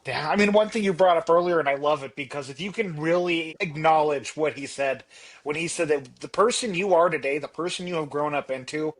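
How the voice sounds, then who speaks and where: A chatty man co-hosting a coaching podcast, with a voice that sits a little higher than most men's. He talks casually and keeps reaching for quick examples and jokes to make his points land.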